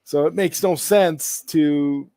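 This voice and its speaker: Slow, halting man in casual chat. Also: fairly high pitch, dark tone, no echo, clean studio sound. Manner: halting, repeats words while searching for a point. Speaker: guest.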